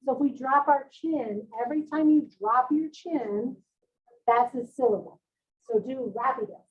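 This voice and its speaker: A woman's voice: high-pitched, normal speed, phone-quality sound. A woman presenting a parent workshop on early reading, leading the audience through call-and-response sound drills.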